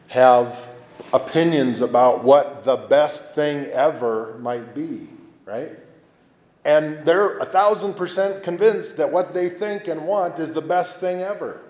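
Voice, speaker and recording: A male priest gives a homily in a relaxed, conversational way, breaking into lively acted-out voices. His voice sits at an ordinary pitch. The sound is echoey, with a long reverb that rings through a large church. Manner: conversational, animated, acts out quoted voices.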